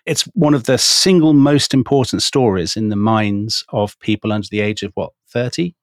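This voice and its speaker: Male author co-hosting a podcast, low voice, teasing and animated, close dry sound. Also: normal speed, no echo. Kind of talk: conversational podcast chat.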